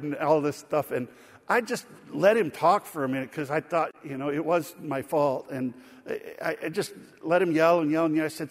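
A middle-aged man preaching a sermon, telling a folksy story with laughter in an animated way. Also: a little high, moderate pace. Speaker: pastor. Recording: sanctuary reverb.

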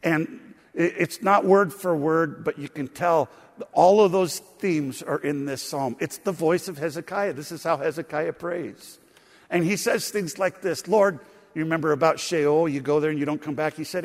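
Preacher in a reverberant hall. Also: male voice, on the high side, normal speed. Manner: expressive, animated reading of scripture with frequent fillers. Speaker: pastor. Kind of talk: sermon. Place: church sanctuary. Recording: long reverb of a large hall.

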